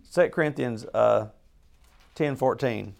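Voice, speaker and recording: Gravelly man teaching a Bible study. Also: mid-range voice, measured pace. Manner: conversational, asks the group questions, frequent restarts; earnest and emphatic. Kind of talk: informal Bible teaching to a small group.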